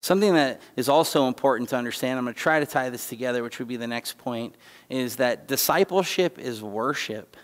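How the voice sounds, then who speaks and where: A man's voice: medium pitch, quick pace, hardly any pauses. A man preaching a sermon as guest speaker, talking conversationally and emphatically, with asides and restarts. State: holding back tears. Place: church sanctuary. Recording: church hall reverb.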